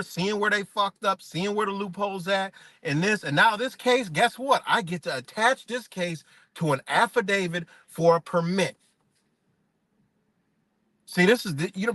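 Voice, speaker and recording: A man's voice: sits high, sharp tone, no room sound. A man ranting on a live stream, heated and profane, firing off rhetorical questions. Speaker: livestreamer. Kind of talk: unscripted live-stream rant.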